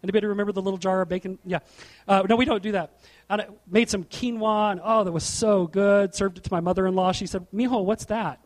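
A middle-aged man preaching a sermon from a church platform, animated and asking the congregation questions. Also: sits high, quick pace. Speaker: pastor.

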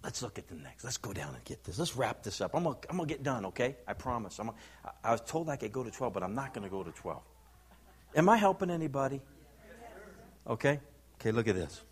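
Animated older male preacher. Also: mid-range voice, fast, slightly rough. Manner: animated storytelling, acts out quotes. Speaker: pastor. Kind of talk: sermon.

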